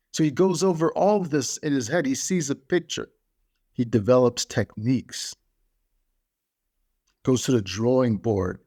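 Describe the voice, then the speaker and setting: A man's voice: medium pitch, unhurried, long pauses, mellow. A man giving a motivational podcast talk, speaking emphatically and driving his points home through repetition.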